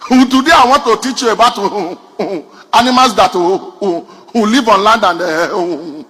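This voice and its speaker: A man's voice: high-pitched, slow pace, bright, forceful tone, slightly rough, heavily acted. A man voicing a flustered young male teacher who stammers and stumbles through every word. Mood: stammering. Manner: stutters and repeats syllables.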